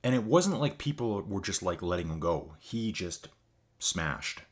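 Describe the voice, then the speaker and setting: Low-voiced tired man hosting a livestream. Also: very animated, unhurried. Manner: rambling, chatty, addresses viewers as folks. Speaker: livestream host. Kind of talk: casual live-stream chat. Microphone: desk mic with adjustable gain.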